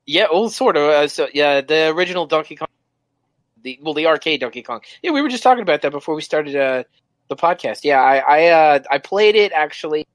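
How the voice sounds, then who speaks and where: Man, podcast host, excitable, swearing, slightly high voice, dry close recording. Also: a little fast, dry recording. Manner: excitable, swears, laughs a lot. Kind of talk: casual podcast chat.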